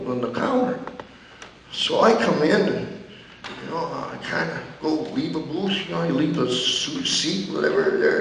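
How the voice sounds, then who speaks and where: A man's voice: on the high side, gravelly, fairly bright tone, a little hiss or hum, full character voice. An actor on stage playing a veteran male pro wrestler, telling a comic story in punchy, short dramatic beats. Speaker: stage performer. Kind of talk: theatrical storytelling monologue. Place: theater stage. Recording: echoey hall from far off.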